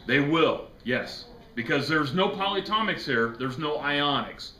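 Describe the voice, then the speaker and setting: A man's voice: fairly high pitch, lively intonation, measured pace, bright, forceful tone. A man teaching a chemistry class, lecturing casually, joking and quizzing his students. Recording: echoey classroom with faint noise.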